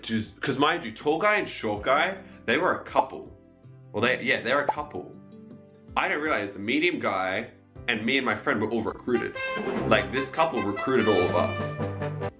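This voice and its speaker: Young guy telling an embarrassing story, kinda low voice, does squeaky impressions, faint music under it. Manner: animated, mimics voices in high squeaky tones. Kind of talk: casual comic storytime.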